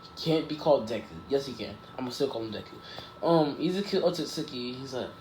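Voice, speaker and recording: A man's voice: mid-range voice, lively intonation, a little fast, darkish tone. Rambling man telling a story in an echoey room. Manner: rambling, self-correcting, lots of "like" and "um". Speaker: YouTuber telling a fan story. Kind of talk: casual improvised storytelling. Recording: echoey room with faint background noise.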